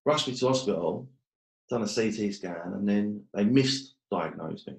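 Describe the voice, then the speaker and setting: A man's voice: lowish voice, lively intonation, normal speed, vocal fry, a little mellow, roomy sound. A man telling his story as a guest, blunt and swearing often, joking about hard times. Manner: blunt, swears a lot, jokes about hardship. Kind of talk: casual storytelling.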